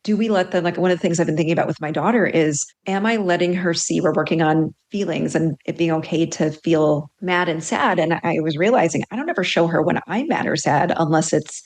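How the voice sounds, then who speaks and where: A woman's voice: low-pitched, brisk, few pauses. A middle-aged woman career coach on a podcast, telling stories animatedly and acting out quotes. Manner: animated storytelling with acted-out quotes. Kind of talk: podcast interview, telling a story.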